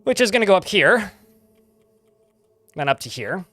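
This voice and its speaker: Chatty man streaming a game, lively. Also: high voice, normal speed, dry recording, soft background music. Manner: chatty, rambling, laughs easily. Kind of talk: casual live-stream commentary.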